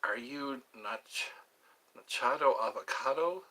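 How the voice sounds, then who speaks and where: A man's voice: mid-range voice, expressive, unhurried, background noise. A man hosting a live stream in a casual chat, joking around playfully and answering viewers' questions aloud.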